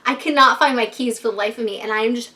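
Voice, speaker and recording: A young woman telling a casual storytime to camera, animated and profane, laughing often. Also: fairly high pitch, fast. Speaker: vlogger.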